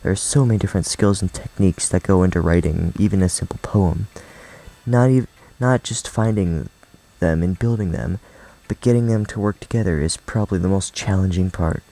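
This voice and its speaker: A man's voice: sits low, brisk, dark tone, rough recording. A man hosting a let's play, reading a visual novel aloud and adding casual, joking asides.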